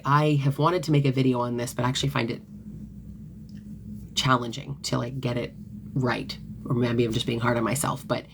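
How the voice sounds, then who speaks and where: Very low, gravelly-voiced woman coach. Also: slight background noise. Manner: earnest and conversational, with many "like" fillers. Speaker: certified coach and author hosting a live stream. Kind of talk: live-stream talk to viewers.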